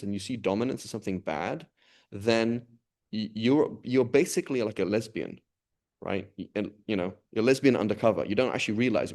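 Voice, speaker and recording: Man, religious teacher, casual talk, fairly low voice, warm tone, conversational, acts out dialogue. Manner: conversational, often checks in with "right?".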